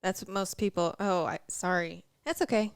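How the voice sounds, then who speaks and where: A woman co-hosting a casual morning talk show, agreeable and quick to affirm her partner. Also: medium pitch, vocal fry, clean tone, no echo. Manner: agreeable, frequent affirmations, laughs easily. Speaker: co-host.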